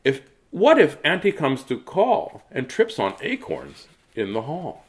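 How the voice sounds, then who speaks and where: Animated jokey man reading picture books. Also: a little high, unhurried. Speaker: children's book reader.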